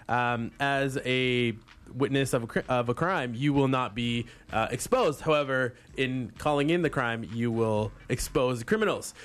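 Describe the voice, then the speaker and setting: A relaxed man chatting on a college radio show. He tells stories loosely and jokingly, with plenty of pauses and fillers. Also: mid-range voice. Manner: laid-back, joking storyteller. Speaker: co-host. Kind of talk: casual radio banter.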